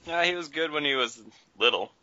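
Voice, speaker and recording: Guy with a super sharp bright voice making dry little jokes, muffled audio. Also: fairly high pitch, lively intonation, brisk, no room sound. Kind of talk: casual chat. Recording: dull lo-fi sound.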